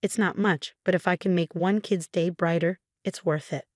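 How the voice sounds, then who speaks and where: A woman narrating a first-person drama story, reading every voice in one steady tone. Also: fairly low pitch, moderate pace, no echo, clean studio sound.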